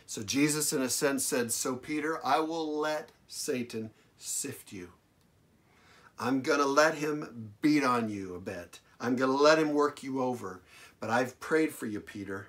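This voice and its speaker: A male pastor delivering a sermon, repeating phrases for emphasis and swinging between loud declarations and hushed lines. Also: medium pitch, lively intonation, unhurried. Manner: dramatic preaching, big swings from loud to hushed.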